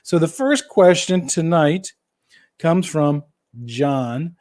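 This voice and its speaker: A man's voice: on the high side, lively intonation, slow, darkish tone. A man hosting a casual live-stream Q&A for viewers, folksy and jokey, who repeats his key phrases for emphasis. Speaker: host answering viewer questions.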